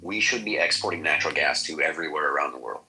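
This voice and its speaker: Low, bright-toned male talk host, blunt, lots of rhetorical questions. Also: expressive, fast talker, husky, rough recording. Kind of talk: political talk show chat.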